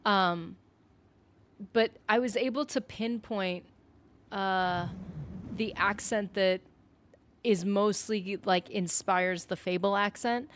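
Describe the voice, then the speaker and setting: Speaking slowly with long pauses, a woman with a slightly bright, medium-pitched voice rambles through casual game-stream chat, with slight background noise. She's from the northern United States, leans on "like," cuts herself off mid-thought, and reads viewer comments aloud.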